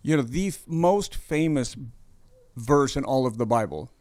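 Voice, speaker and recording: A man's voice: medium pitch, lively intonation, a little slow, a little mellow. A man hosting a faith interview in a conversational way, summing things up and checking in with his guest as he goes. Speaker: podcast host, interviewer.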